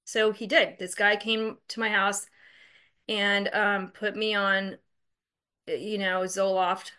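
A woman's voice: mid-range voice, little pitch movement, takes it slowly, sharp tone, clean tone. A woman casually telling a personal story, candid, profane and self-mocking, chatty with lots of fillers.

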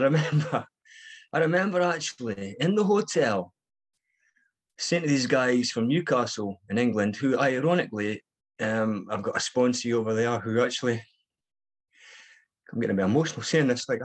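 Husky man sharing his story. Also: medium pitch, moderate pace. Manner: candid, rambling, with frequent fillers and restarts. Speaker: recovery meeting speaker. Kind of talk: personal recovery share.

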